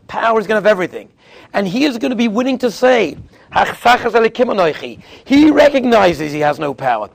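A man's voice: creaky, husky. A man giving a Torah class as a rabbi, telling stories and acting out the people he quotes, often repeating and restarting phrases. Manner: storytelling, acting out quoted speakers with sudden pitch jumps.

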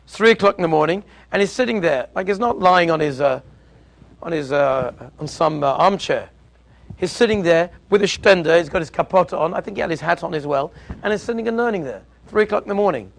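A man giving a Torah lecture as a teacher, an emphatic and animated storyteller. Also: high-pitched, a little fast, vocal fry.

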